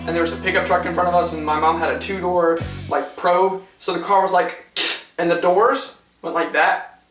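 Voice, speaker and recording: A man's voice: sits high, steady tone, moderate pace, fairly bright tone, recorded from a distance. A young man vlogging, telling stories in a dramatic, profane, self-mocking way. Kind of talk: casual storytelling vlog. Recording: roomy, off-mic, music behind.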